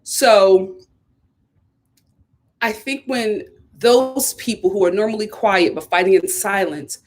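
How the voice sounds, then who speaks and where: Woman from Philly, live-stream host, casual and animated, quick to laugh. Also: medium pitch. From Philadelphia. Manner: chatty, animated, repeats herself, laughs often.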